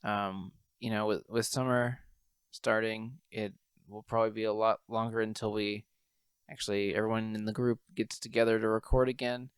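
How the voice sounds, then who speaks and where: A man's voice: on the low side, moderate pace, smooth, no echo. A young man, a podcast host, telling a funny story in casual chat, laughing often and acting out what people said. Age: young adult. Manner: animated storyteller, laughs often, acts out quotes.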